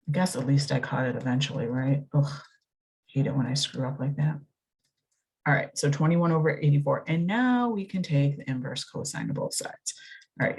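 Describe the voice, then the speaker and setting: A woman's voice: low-pitched, darkish tone, husky. A woman, working through a recorded math lesson, chatty and thinking aloud as she corrects herself. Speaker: math teacher.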